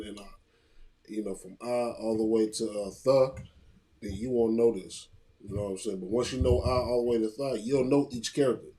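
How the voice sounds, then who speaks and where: A man leading a class in a relaxed, casual way, often checking in with "you know what I'm saying.". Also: fairly low pitch, rough recording. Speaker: class leader.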